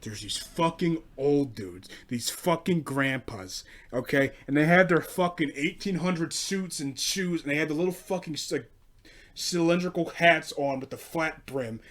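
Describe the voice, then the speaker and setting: A man's voice: on the high side, a little slow, fairly bright tone. A twenty-year-old man ranting through a story in a casual, profane, exasperated way. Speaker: host.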